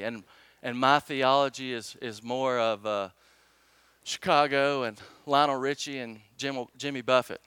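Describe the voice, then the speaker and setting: A man's voice: mid-range voice, steady tone, moderate pace, a bit bright, clear, resonant tone, dry recording. A man preaching a sermon, reading scripture emphatically and asking the congregation rhetorical questions. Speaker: pastor.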